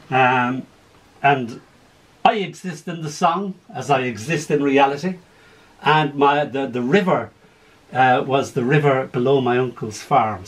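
A man with an Irish accent reading his poems gently and lyrically over a video call, with chuckling asides. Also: medium pitch. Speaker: poet.

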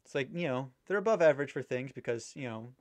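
A man's voice: mid-range voice, expressive, fast talker. A man chatting casually while ranking candy, rambling and swearing now and then. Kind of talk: casual chat.

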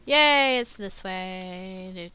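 A young woman hosting a let's play, chatting to the game as she plays, animated and quick to swear. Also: medium pitch. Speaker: gaming channel host.

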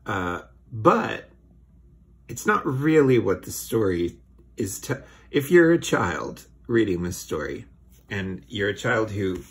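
A man's voice: lowish voice, big pitch swings, slow. A man hosting a comedy show, reading a children's book aloud with dry, sardonic asides.

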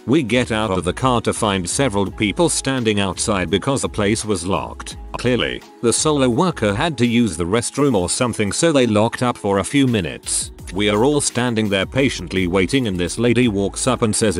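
A man with a fairly low voice reads a compilation of online stories as a scripted narration. His pitch moves around a lot, and he spells out abbreviations letter by letter. Soft background music plays underneath.

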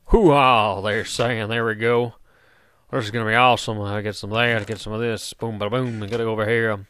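A man's voice: on the low side, steady tone, brisk, a bit bright, clear, resonant tone. A man casually talking through a game he is playing, chatty and rambling, joking and calling out to the characters on screen. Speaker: gaming video host. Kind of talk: casual let's-play commentary.

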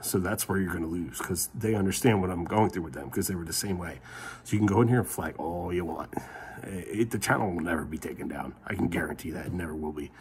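A middle-aged man ranting in a vlog monologue, rambling and frustrated, swinging between loud outbursts and muttered curses. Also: low-pitched, fast, slight background noise. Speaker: family vlogger.

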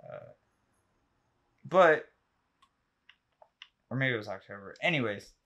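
A man hosting a casual podcast chat, rambling with lots of ums and likes as he gets excited about new releases. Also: medium pitch, slow. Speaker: podcast host.

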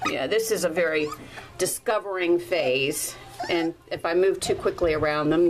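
A woman breeder talking casually while filming her puppies one-handed indoors, now and then cooing at them in a high baby-talk voice. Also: moderate pace, over music, rough recording. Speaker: dog breeder. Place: indoors at a puppy litter area. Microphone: handheld camera, filming one-handed.

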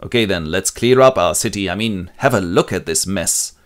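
A man's voice: low-pitched, normal speed, close to an everyday voice. A man voicing a brash young king who blusters and swears. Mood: bossy.

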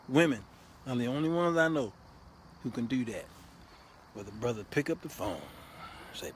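A man hosting a show, giving comic relationship advice in an animated, laughing, preachy way. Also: mid-range voice, normal speed, pauses often, slight background noise. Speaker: host. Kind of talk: comedic relationship advice monologue.

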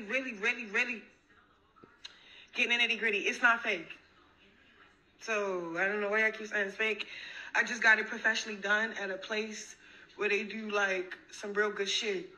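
A woman's voice: a little high, pushed and bright, low-quality recording. Defiant woman taunting livestream viewers.

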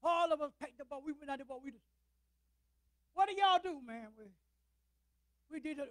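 An older man preaching a sermon, firing rhetorical questions at the congregation and swinging between loud declarations and quiet asides. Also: extremely high pitch, animated, moderate pace, pauses often, dry recording, rough recording.

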